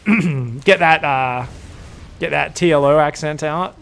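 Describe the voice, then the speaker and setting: A young man casting a strategy game live, playful and quick to laugh, often putting on mock voices for the players. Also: a little high, creaky, a bit bright. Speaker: game caster. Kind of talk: excitable esports commentary.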